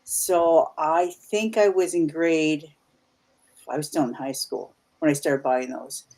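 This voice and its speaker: A Canadian woman in her fifties, appearing as a guest paranormal investigator, tells stories in casual chat, rambling with lots of restarts and asides. Her voice sits low and darkish, with fairly even intonation, and she takes her time.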